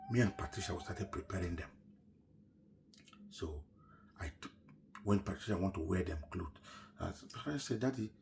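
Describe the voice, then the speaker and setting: A middle-aged man with a Nigerian English accent recounts a personal story in a fairly low voice. He acts out the voices he quotes, going loud and high for them, then sinks to hushed, near-whispered narration. A faint hiss of background noise sits under the recording. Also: vocal fry. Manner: animated retelling, shouts quoted lines then drops to a near-whisper.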